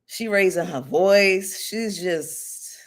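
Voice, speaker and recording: A woman hosting a casual live stream, sassy and animated as she greets her viewers by name and rants about reality TV. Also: medium pitch, slow. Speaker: YouTube commentary host.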